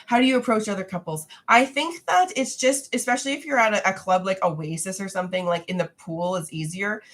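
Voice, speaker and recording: A woman's voice: medium pitch, a little fast, a bit bright. A young adult woman hosting a casual livestream Q&A from home, talking frankly and reading viewer comments aloud, her voice congested and nasal from a recent cold. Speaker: livestream host answering viewer questions.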